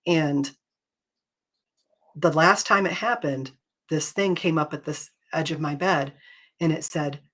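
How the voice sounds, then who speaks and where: A middle-aged woman hosts a live faith-based talk in a husky, breathy voice. She speaks earnestly and with emphasis, addressing her viewers directly. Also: deep voice, slow pace, pauses often, fairly bright tone. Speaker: host.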